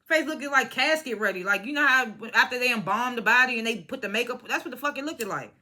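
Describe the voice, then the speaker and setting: Young woman, bright and forceful voice, casual profane TV recap, blunt opinions. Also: on the high side, expressive, quick pace. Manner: blunt, profane and opinionated, mimics cast members. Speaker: reality TV recap vlogger. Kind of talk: casual reality show review.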